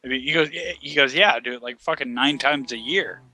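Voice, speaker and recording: A man's voice: mid-range voice, fairly quick, bright, forceful tone. A man telling a long, profane anecdote in casual chat, laughing often as he goes.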